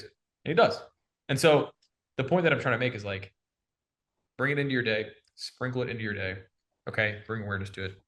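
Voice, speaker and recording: A young man coaching on sales in an energetic, slangy casual chat, calling the listener bro. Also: medium pitch, brisk, pauses often.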